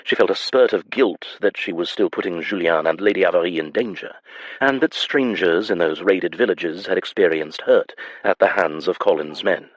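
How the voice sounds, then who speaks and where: A man reading a historical romance audiobook in a measured, even manner. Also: deep voice, no room sound, lo-fi sound. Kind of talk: scripted audiobook narration.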